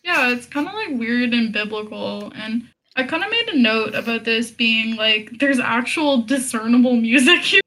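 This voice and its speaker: A woman's voice: a little high, lively intonation, normal speed, bright, forceful tone, poor audio. A woman co-hosting a casual music podcast, talking through the notes she made. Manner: chatty, reads from her notes. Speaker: podcast co-host. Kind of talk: casual chat.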